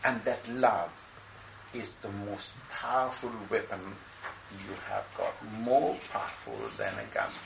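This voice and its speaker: On the low side and a bit creaky, this spiritual teacher's voice keeps a measured pace as he animatedly tells a story to a gathering in answer to a question, performing each character's lines. A distant mic picks him up in an echoey room full of ambient noise.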